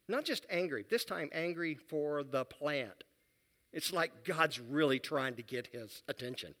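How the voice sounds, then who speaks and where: Middle-aged male Bible teacher, folksy and self-deprecating, high bright voice. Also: moderate pace. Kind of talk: conversational Bible lesson.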